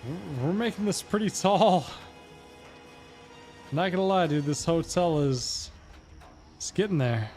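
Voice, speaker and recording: Man, light North Carolina accent, casual rambling streamer chat, higher voice. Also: lively intonation, a little slow, pauses often, darkish tone, faint music behind. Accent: slight North Carolina Southern. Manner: rambling, chatty, talks to viewers while narrating gameplay. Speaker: gaming streamer. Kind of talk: casual livestream chat while playing.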